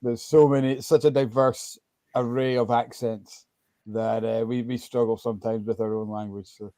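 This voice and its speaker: A Scottish man hosting a relaxed, chatty conversation on a video call. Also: mid-range voice, normal speed, no room sound. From Scotland. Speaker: host. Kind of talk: casual chat.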